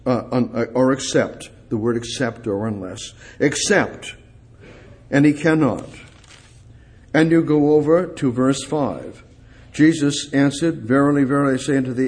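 A man preaching a sermon, explaining Bible verses with emphatic repetition and rising, forceful peaks. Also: medium pitch, slightly rough.

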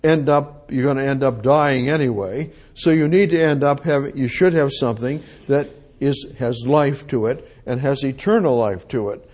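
A man's voice: mid-range voice, moderate pace, hardly any pauses, darkish tone. A man preaching, teaching verse by verse through a Bible passage, reading scripture aloud and repeating his points to drive them home.

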